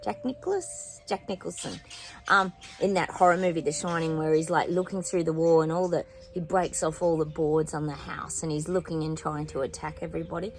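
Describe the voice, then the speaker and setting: A woman's voice: deep voice, fairly even intonation, brisk, rough recording. A woman hosting a psychic channel, chatting casually to her viewers with fillers and rambling asides. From New Zealand. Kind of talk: casual spoken predictions to viewers. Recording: music playing behind.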